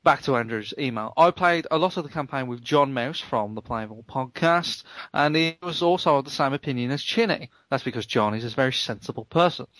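A man's voice: mid-range voice, brisk, few pauses, a bit bright, no room sound. A man co-hosting a gaming podcast, reading out a listener's email with wry asides. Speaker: podcast co-host.

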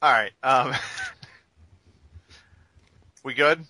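A man's voice: medium pitch, extremely slow, heavy background noise. A man co-hosting a casual podcast chat, teasing the others and steering the talk. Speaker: podcast co-host.

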